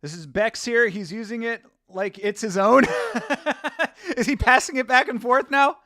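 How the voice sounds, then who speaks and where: A man's voice: very high-pitched, moderate pace, pushed and bright, dry recording, studio quality. A man hosting a live watch-along stream, chatting casually, rambling and laughing as he reads from chat.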